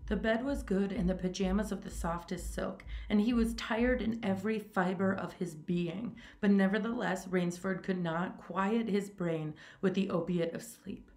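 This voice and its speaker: A woman reading a short story aloud in a steady, plain manner, with small stumbles. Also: medium pitch, normal speed, hardly any pauses. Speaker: reader.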